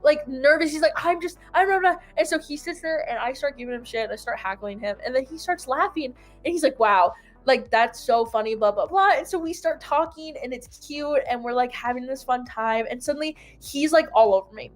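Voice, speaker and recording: A woman's voice: high voice, brisk, hardly any pauses, soft background music. A young woman casually telling a long story, full of "like" fillers and acted-out quotes. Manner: rambling, filler-heavy "like", animated retelling. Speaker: host.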